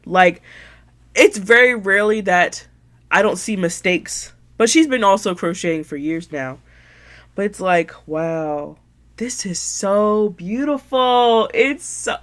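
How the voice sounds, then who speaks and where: A woman's voice: lowish voice, lively intonation, takes it slowly, long pauses, a bit bright. A woman hosting her podcast in casual show-and-tell chat, gushing and sentimental, with lots of filler words. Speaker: podcast host.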